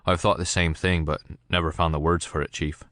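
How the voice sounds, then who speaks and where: A man voicing a wily, diplomatic young sailor who speaks in a measured, tactful way. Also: low-pitched, flat delivery, a bit bright, dry recording, clean studio sound. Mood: flattering.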